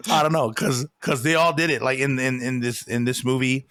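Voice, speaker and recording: A man's voice: mid-range voice, fairly even intonation, fairly quick, fairly bright tone, dry recording, studio quality. Laughing, rambling man retelling movie scenes. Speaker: podcast co-host. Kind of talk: casual movie review chat.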